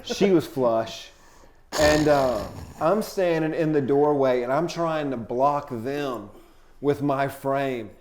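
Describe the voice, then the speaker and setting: A man who is a touring comedian telling a wild story as a podcast guest, animated and profane, dropping to low asides and rising to loud outbursts. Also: slow, a little hiss or hum.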